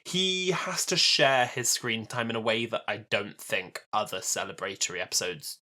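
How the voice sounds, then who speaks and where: A young man in his twenties co-hosts a podcast in a loose, chatty way. His voice is bright and forceful, and he pads his talk with fillers and easy laughs. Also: lowish voice, moderate pace. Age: 20s. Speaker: podcast co-host. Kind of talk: casual chat.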